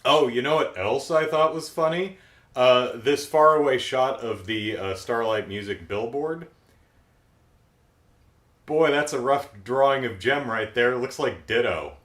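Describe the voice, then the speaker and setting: A man's voice: mid-range voice, measured pace, fairly bright tone. A middle-aged man recapping a cartoon episode in a casual, jokey, rambling way. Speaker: show recap host. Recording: roomy echo.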